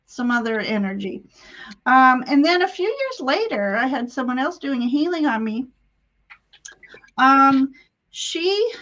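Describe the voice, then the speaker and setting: A woman's voice: high-pitched, fairly bright tone, muffled recording. A woman hosting a live spiritual chat, telling a personal story in a rambling, emotional way with frequent laughs, heard over a video call. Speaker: tarot reader and channel host. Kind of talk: casual live-stream chat.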